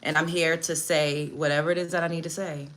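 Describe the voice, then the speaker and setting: A woman's voice: low voice, flat delivery, fairly quick, fairly bright tone, a little hiss or hum. A woman hosting a livestream, reading chat comments aloud and answering them in a blunt, profane, indignant rant while doing her makeup at home. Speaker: livestream host.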